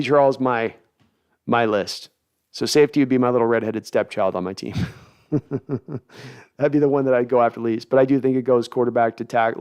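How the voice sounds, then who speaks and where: A man's voice: mid-range voice, darkish tone, clear, resonant tone. A man hosting a casual sports livestream, chatty and full of restarts as he reads viewer messages aloud. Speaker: host.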